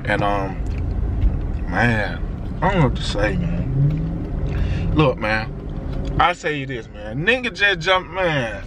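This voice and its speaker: A man, vlogging from his truck at a car lot, excited and rambling, swearing freely. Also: medium pitch, slow pace, pauses often, noisy background. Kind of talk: casual vlog talk to camera.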